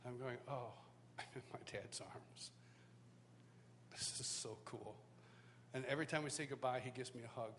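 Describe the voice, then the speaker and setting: A man teaching a worship school, telling a personal story in an animated way, acting out quotes and laughing often, in front of a live audience. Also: mid-range voice, slight background noise. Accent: Canadian. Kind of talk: storytelling sermon. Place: large hall, live audience.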